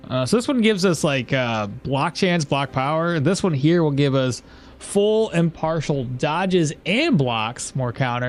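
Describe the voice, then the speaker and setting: A man giving casual gameplay commentary, thinking aloud as he plays and laughing at chat messages. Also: fairly high pitch. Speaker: gameplay streamer.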